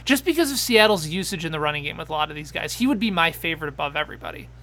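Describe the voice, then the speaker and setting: A man hosting a live fantasy football talk show, excitable and quick in back-and-forth, reading out viewer questions. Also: fairly high pitch, gravelly.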